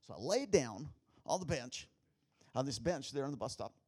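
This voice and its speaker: A man preaching to his congregation, his husky voice rising and falling freely as he tells a story. He keeps asking rhetorical questions and making declarations of faith. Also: medium pitch, big pitch swings, normal speed, a little mellow. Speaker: pastor. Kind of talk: sermon with personal story.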